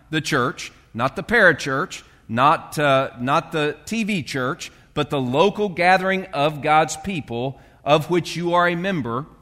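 A man's voice: on the high side, pushed and bright, big-room sound. A male pastor preaching a sermon in a loose, conversational way, with fillers and restarts as he reads and explains scripture.

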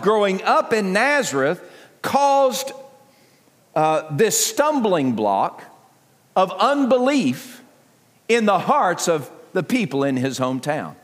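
Lively, high-voiced preacher in a reverberant hall. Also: male voice. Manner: animated, acts out the crowd's scoffing voices; frequent fillers and restarts, self-deprecating asides. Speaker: pastor. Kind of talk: sermon. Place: church sanctuary.

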